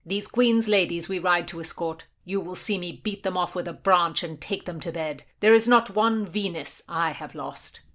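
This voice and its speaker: A woman reads as a brash young soldier who boasts and sneers at everyone around him. He growls his words with scorn in a storybook tale, in a lowish voice. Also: moderate pace, hardly any pauses, a bit bright, natural voice. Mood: angry.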